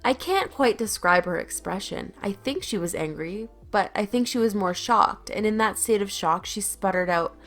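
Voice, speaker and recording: A woman's voice: mid-range voice, lively intonation, normal speed, few pauses, fairly bright tone, faint music behind. A young adult woman reading an online story aloud with a wry, storytelling delivery. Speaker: story narrator.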